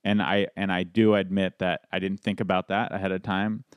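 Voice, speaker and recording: A man's voice: sits low, little pitch movement, brisk, clean tone, no room sound, studio quality. A man, a comedian, telling stories in a casual podcast chat, rambling with restarts and laughs. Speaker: guest comedian.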